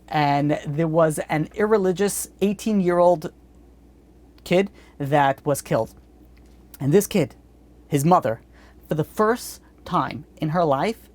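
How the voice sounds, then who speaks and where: A man's voice: on the high side, unhurried, darkish tone. A man speaking as a rabbi at an evening Torah class. He is blunt and earnest, and he often breaks off and restarts his sentences.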